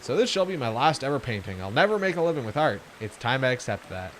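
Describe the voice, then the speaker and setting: A man's voice: medium pitch, big pitch swings, fast talker, fairly bright tone, slight background noise. A man voicing a despairing young male painter who laments in a mournful, melodramatic way.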